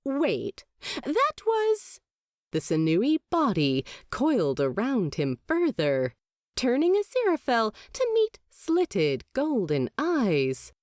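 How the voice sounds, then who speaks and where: A woman narrating a fan fiction audiobook with expressive storytelling. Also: mid-range voice, dry recording, clean studio sound. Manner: expressive storytelling, lively inflection.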